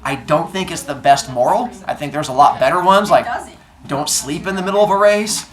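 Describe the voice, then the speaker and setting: A woman's voice: low-pitched, brisk, slight background noise. A woman teacher telling a class a story in a playful, joking way, in a classroom. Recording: echoey classroom.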